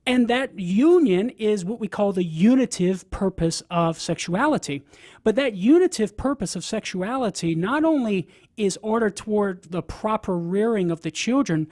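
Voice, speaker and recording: A man's voice: high voice, animated, normal speed, darkish tone, dry recording, studio quality. A man with a Cajun accent, a radio guest explaining ideas step by step, often checking in with "right?". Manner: teaching, sprinkles "right?" to check in. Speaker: guest apologist.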